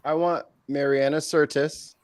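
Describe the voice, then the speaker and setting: A man in casual group chat on a podcast, excitable and talking over others with many restarts. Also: a little high, measured pace. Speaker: podcast co-host.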